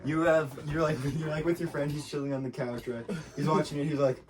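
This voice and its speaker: Giggly young man, slightly high voice. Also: fairly even intonation, brisk, a crowd in the background. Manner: giggly, teasing, rambling. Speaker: podcast co-host. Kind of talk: casual chat.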